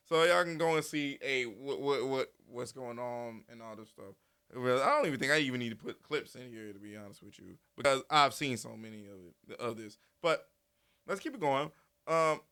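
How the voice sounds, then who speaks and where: A man giving casual, animated commentary, repeating himself and swearing freely. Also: mid-range voice, smooth. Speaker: commentary channel host.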